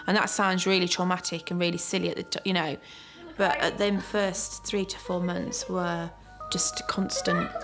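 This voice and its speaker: Mum, 40s, documentary interviewee; fry in the voice, weary plain delivery. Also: female voice, on the low side, level tone, moderate pace, hardly any pauses. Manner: weary, plain-spoken recollection. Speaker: mother of twins. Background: soft music.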